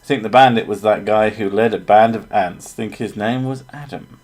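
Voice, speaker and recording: A man's voice: on the low side, moderate pace, a little mellow. A man from England, joking and swearing in a casual chat as a streamer. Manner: joking, swears freely, slips into silly voices.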